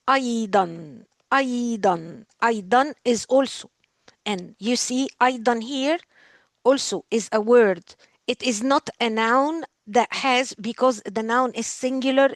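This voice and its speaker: A woman's voice: high-pitched, no echo. A woman teaching a class in English, explaining patiently and repeating words aloud for drill. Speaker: Arabic language professor. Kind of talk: recorded lecture.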